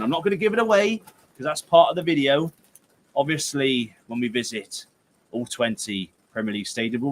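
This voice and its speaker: Speaking in a mid-range voice over slight background noise, a young man from England with a Gloucestershire/Herefordshire accent runs a football livestream. He reads viewers' comments aloud and chats loosely, rambling and cracking jokes; he sounds weary but bursts out playfully now and then.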